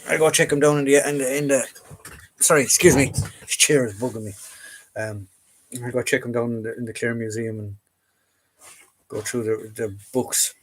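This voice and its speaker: A man's voice: medium pitch, steady tone, moderate pace, pauses often, a little hiss or hum. Rambling Irish man chatting live. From Ireland. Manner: rambling and chatty, with frequent restarts and fillers. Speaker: live-stream host. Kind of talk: casual live chat. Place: home room full of collectibles.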